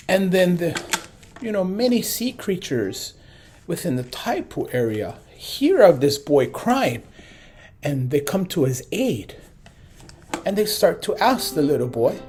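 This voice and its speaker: A man telling a folk tale as storyteller and teacher, unhurried and conversational. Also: sits high, big pitch swings, faint music behind. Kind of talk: musical folk storytelling with ukulele. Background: soft ukulele.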